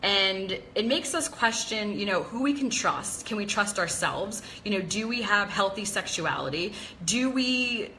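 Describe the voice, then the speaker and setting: A woman's voice: medium pitch, expressive, measured pace, hardly any pauses, sharp tone, a little hiss or hum, poor audio. A woman hosting a casual live stream, chatty and confessional, greeting viewers by name as she talks to her webcam.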